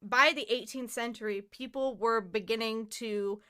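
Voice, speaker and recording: A woman's voice: fairly high pitch, fairly even intonation, normal speed, sharp tone, no echo, clean studio sound. A young woman co-hosting a podcast, chatting casually, laughing often and swearing freely. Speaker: podcast co-host. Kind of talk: casual chat.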